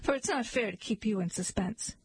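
A woman's voice: medium pitch, brisk, slightly rough. A woman voicing an earnest, self-righteous middle-sized male goat. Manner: earnest, proud.

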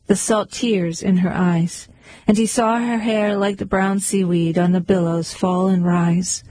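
A woman reading poems aloud in a measured recitation. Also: lowish voice, darkish tone, no room sound, poor audio. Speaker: reader. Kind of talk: poetry reading.

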